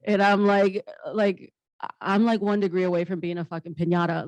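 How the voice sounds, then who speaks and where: On a panel, a woman who works as a comedian and actress shares candid, humorous stories with bluntness and casual profanity. She speaks in an expressive mid-range voice at a fairly quick clip; there's no echo, but the audio is poor.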